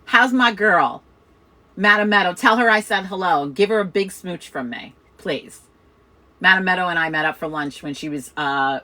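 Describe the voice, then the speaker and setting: A middle-aged woman from Chicago with a New York accent, hosting a casual chat in a loud, fast, profane way. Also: deep voice, poor audio. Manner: loud, fast, swears a lot. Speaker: host of a witchcraft chat.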